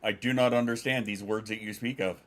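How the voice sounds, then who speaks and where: A man's voice: lowish voice, steady tone, brisk, fairly bright tone. A man chatting casually on a livestream, reading chat aloud and replying in a rambling, profane way with frequent restarts. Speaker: streamer.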